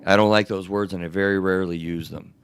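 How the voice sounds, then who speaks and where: A man hosting a therapy podcast, talking in an animated, wordy way and often repeating himself. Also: deep voice, fast talker. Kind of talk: casual podcast discussion.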